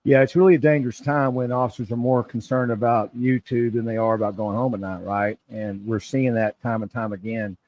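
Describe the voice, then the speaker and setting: A man's voice: medium pitch, fairly even intonation, brisk, hardly any pauses, no room sound, lo-fi sound. A man hosting a podcast, asking questions in an emphatic, conversational way. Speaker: podcast host, former officer. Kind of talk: interview questions.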